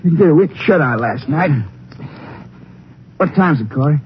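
An actor playing a young, worn-out ex-cowpoke boxer with a drawling Western manner, in a 1950s radio drama. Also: male voice, fairly high pitch, animated, moderate pace, natural voice. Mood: weary. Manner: weary drawling Western talk. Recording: dull old radio broadcast, hissy.

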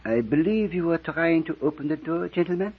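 An actor playing a suave, menacing gangster waiter who speaks in stiff, overly polite phrases, in old radio drama style. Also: male voice, on the high side, lively intonation, fairly quick, slightly rough. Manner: stiff, overly polite, keeps saying "gentlemen". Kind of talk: 1940s radio acting. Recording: dull lo-fi old radio recording.

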